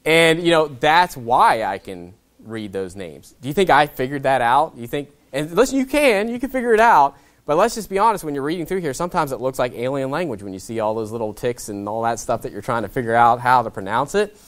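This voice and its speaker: A man's voice: lively intonation, brisk, hardly any pauses. A man, a pastor, preaching a sermon in a conversational way, often checking in with "okay?". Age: young adult to middle-aged. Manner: conversational preaching, wide swings in pitch and loudness, frequent "okay?".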